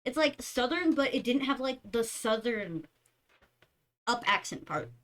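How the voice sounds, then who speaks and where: A woman's voice: on the high side, expressive, a little slow, a bit bright. Giggly, rambling young woman streamer. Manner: rambling storyteller, giggles often. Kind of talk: casual chat.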